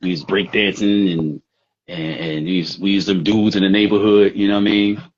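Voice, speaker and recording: Husky New man spinning a street story. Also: low-pitched, little pitch movement, normal speed. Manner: rambling, streetwise, profane, with fillers. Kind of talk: casual storytelling. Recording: dull lo-fi recording.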